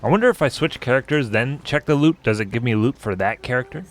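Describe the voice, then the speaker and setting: A man's voice: mid-range voice, fast, soft background music. A man giving casual let's-play commentary, joking and teasing himself as he thinks aloud through his gear choices. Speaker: gaming streamer playing through a game.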